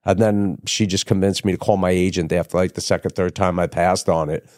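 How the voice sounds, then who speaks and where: A man's voice: low-pitched, level tone, fairly quick, a little mellow, no echo, clean studio sound. A middle-aged man telling a long story in a casual interview, rambling and swearing freely as he acts out the voices of people he quotes. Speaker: guest, TV writer and producer.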